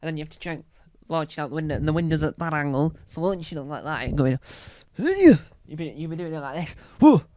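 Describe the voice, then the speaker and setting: A British man with a slightly high voice tells a rambling stand-up story, acting out scenes with sudden loud squeals. The sound is dry and close, with no room echo. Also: expressive, fast, few pauses. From Britain. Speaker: stand-up comedian.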